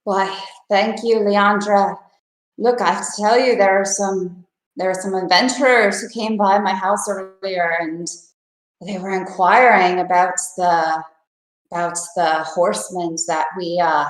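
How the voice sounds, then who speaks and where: A woman's voice: mid-range voice, steady tone, measured pace, roomy sound, natural voice, poor audio. A woman voicing an aging town mayor who speaks politely and fussily, with stumbles. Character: disguised as the elderly town mayor, fussy and flattering.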